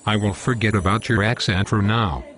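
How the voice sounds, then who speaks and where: A man's voice: lowish voice, fairly even intonation, moderate pace, fairly bright tone, natural voice. A male computer voice playing a legal writing coach who corrects plainly and matter-of-factly.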